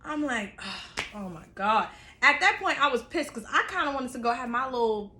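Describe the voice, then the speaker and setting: A woman telling a personal story in a casual, animated, chatty way, laughing often, in an echoey room. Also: high-pitched, a little fast, a little hiss or hum. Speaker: storyteller vlogger.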